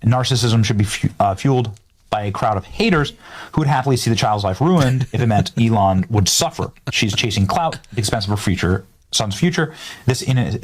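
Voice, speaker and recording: A man in a played clip, speaking as an online commentator in a forceful, declarative way. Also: lowish voice. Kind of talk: clip of a video monologue. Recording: clip with music behind.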